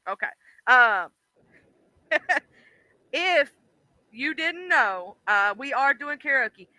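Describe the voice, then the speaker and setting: A woman's voice: sits high, expressive, slow pace, pauses often, pushed and bright, no room sound, rough recording. A woman hosting a livestream, chatting casually and profanely with lots of fillers. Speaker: livestream host.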